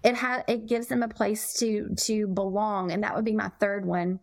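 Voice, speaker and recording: A woman talks in an earnest, emphatic conversational style, sometimes going back over a word as she gets her point across. Her voice sits at an ordinary pitch for a woman. It is recorded close on a mic, with a dry sound and no room echo. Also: little pitch movement, moderate pace. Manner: earnest, emphatic, repeats words. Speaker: podcast guest, parenting coach. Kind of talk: conversational interview.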